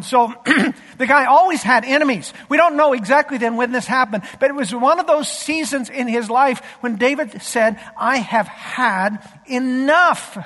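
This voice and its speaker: High-voiced pastor in a reverberant hall. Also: male voice, fairly bright tone. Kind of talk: sermon.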